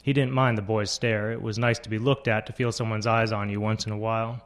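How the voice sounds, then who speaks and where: A man narrating literary fiction in a steady, measured reading voice. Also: lowish voice.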